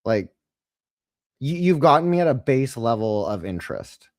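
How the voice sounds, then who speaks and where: A man's voice: medium pitch, sing-song, moderate pace, dry recording, studio quality. A man co-hosting a casual podcast chat, rambling and profane with a mocking tone. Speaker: podcast co-host.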